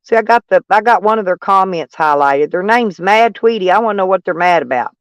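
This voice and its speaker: A man's voice: high-pitched, expressive, fairly quick, clean tone, no echo. A man from Arkansas with a Southern accent hosting a casual live stream, rambling and joking at his own expense while reading viewer comments. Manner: rambling, joking and self-mocking, breaks into laughs.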